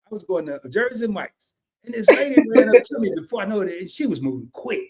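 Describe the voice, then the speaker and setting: A man hosting a casual interview show, an animated, folksy storyteller who jokes with his guest. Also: high-pitched, quick pace, crowd noise. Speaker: podcast host.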